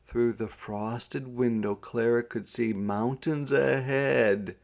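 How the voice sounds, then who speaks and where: A man reading a children's picture book aloud in a measured narrating style. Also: mid-range voice, steady tone, vocal fry. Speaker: storybook reader.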